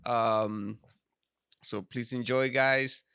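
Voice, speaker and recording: A man's voice: mid-range voice, steady tone, extremely slow, pushed and bright, clean tone, no room sound, clean studio sound. A man hosting a casual podcast, talking in slangy, filler-heavy speech and swearing freely. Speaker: podcast host.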